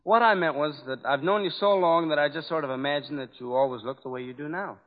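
A sixteen-year-old boy guesting on a radio comedy show, talking in a mock-grown-up, earnest, deadpan way. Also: on the high side, quick pace. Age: teens. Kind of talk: scripted radio comedy banter. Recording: dull old radio recording with long hall reverb.

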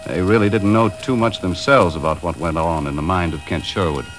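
An actor playing a dry, laconic boat captain who narrates a 1950s radio drama, heard in an old broadcast recording with music behind him. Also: male voice, sits low, fairly quick, natural voice. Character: easygoing boat captain narrator, adult man.

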